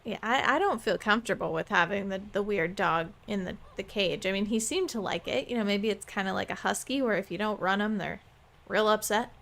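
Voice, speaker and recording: A woman's voice: mid-range voice, brisk, vocal fry, fairly bright tone. A young adult woman chatting playfully and musing aloud while streaming a game live.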